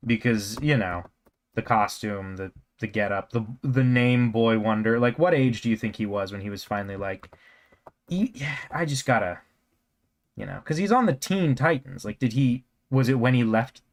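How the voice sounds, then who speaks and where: A man's voice: on the low side, moderate pace. A man chatting casually while drawing on a live stream, rambling with jokey self-mocking asides and a scratchy throat. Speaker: cartoonist streamer.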